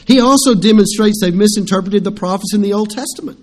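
Man, middle-aged pastor, high voice, sermon, storytelling, rhetorical questions. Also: quick pace, few pauses.

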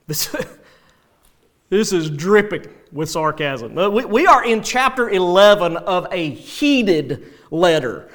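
A male pastor preaching a sermon, animated, with dry sarcastic asides. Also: high voice, takes it slowly.

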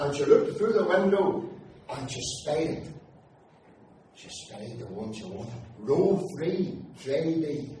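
A man with a Northern Irish accent telling a humorous personal story to an audience, acting out the dialogue with lively energy. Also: a little high, a little hiss or hum. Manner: animated, acts out dialogue. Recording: very echoey hall, distant mic.

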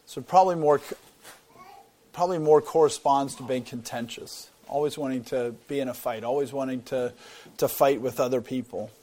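A man's voice: mid-range voice, a little mellow. A man teaching a Bible sermon, explaining things earnestly and often repeating words as he thinks. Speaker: preacher.

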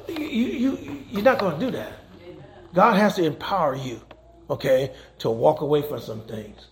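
A pastor and chaplain, his fairly high voice lively in intonation and at normal speed, gives a conversational sermon in the sanctuary, checking in with frequent "okay?". Crowd noise is audible, and the church room is echoey with faint noise.

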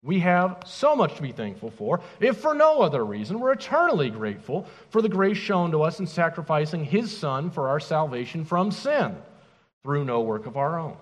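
Animated preacher man in an echoing hall. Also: a little high, moderate pace. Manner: animated, emphatic preaching with rhetorical questions. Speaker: pastor. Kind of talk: sermon. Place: church.

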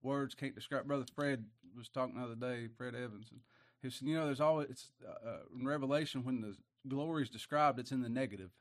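A man preaching a sermon in a folksy, emotional way, dropping quiet and then rising loud. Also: mid-range voice, quick pace.

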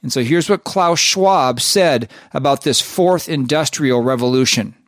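A man's voice: medium pitch, unhurried. A man hosting a show and commenting skeptically on clips, asking rhetorical questions. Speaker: show host.

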